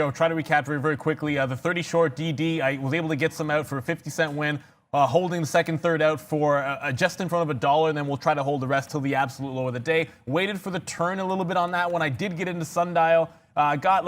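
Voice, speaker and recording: A man on a trading show quickly recapping his trades in a dense rundown full of fillers. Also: on the high side. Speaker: trader co-host.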